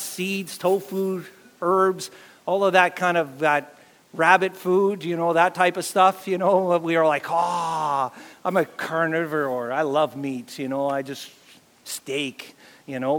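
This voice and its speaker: A man preaching a sermon as pastor, animated and acting out quotes to his congregation. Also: sits high, long reverb tail.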